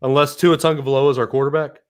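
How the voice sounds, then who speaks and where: A man co-hosting a podcast in casual chat, excitable and reading out listener comments. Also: medium pitch, fast. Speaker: podcast co-host.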